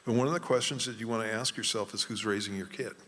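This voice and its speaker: Male pastor teaching: low, forceful voice, hesitant delivery, long reverb. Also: steady tone. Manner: halting, many fillers. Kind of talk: sermon teaching. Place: church sanctuary.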